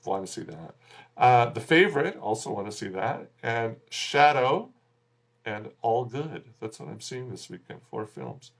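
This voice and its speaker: A man's voice: mid-range voice, lively intonation, measured pace, a bit bright. A man giving a casual spoken film review, rambling a little and chuckling wryly at his own jokes. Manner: rambling, with frequent fillers and restarts.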